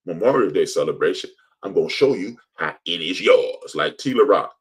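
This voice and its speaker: A male podcast host with a husky, slightly low voice. He talks emphatically and preaches, pushing his points hard and building to loud bursts. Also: lively intonation, normal speed, low-quality recording. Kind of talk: impassioned commentary.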